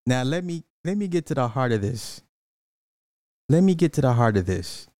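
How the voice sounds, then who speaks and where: A man's voice: mid-range voice, sing-song, moderate pace, a little mellow, no room sound, studio quality. A man livestreaming in casual slang, joking with and roasting the people in his chat.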